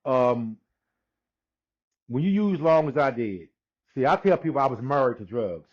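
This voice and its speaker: A man's voice: medium pitch, expressive. Older man telling his story, lo-fi. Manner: unhurried storytelling, acts out quoted dialogue, frequent restarts. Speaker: guest sharing his testimony. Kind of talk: personal testimony in conversation. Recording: dull lo-fi recording.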